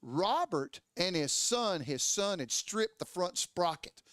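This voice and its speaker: A man's voice: high-pitched, big pitch swings, takes it slowly, fairly bright tone, smooth, no room sound, clean studio sound. A man telling a casual, profane motorcycle story and acting out the voices and sounds of his friends. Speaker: podcast storyteller. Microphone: studio mic.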